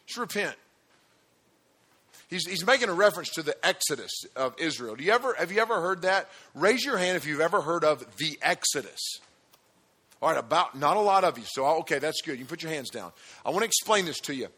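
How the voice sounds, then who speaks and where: A man preaching a sermon in an energetic, emphatic way, talking directly to his audience. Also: on the high side, a little fast, slightly rough.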